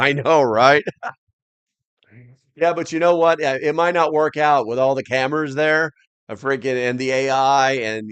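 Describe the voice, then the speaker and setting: A man's voice: mid-range voice, fairly bright tone, smooth, no room sound. An American man hosting a casual livestream, rambling loosely and reading viewer comments aloud. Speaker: livestream host.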